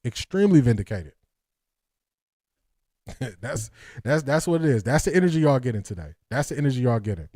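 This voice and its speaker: A man's voice: mid-range voice, sing-song, fast talker, darkish tone, dry recording, studio quality. A man hosting a football breakdown livestream, talking energetically and emphatically, repeating lines and laughing often. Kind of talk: casual livestream commentary.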